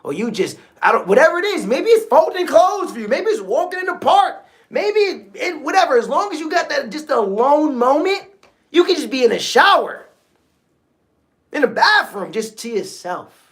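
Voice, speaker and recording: The voice is high and fairly bright, swinging widely in pitch at a normal speed. A livestream host gives a laid-back motivational talk, repeating central phrases and often addressing the listeners directly.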